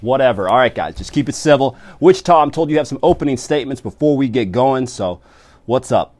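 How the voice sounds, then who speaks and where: A man's voice: medium pitch, expressive, fairly quick, a little mellow. A man hosting a comedy football show and narrating skill drills, pompous and exasperated. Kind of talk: comic talk-show host, then skills tutorial narration.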